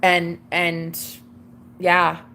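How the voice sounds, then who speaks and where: A woman's voice: fairly low pitch, monotone, extremely slow, pushed and bright, a little hiss or hum. A young woman talking to camera in a casual, confessional way, gushing and chatty, calling her listener girl and babe. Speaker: tarot reader and vlogger.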